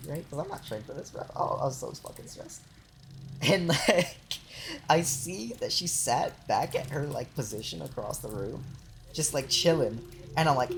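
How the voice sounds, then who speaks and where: Very deep-voiced woman streamer. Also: a little fast, slight background noise. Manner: rambling, profane storytelling with frequent laughs. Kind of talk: casual chat while gaming.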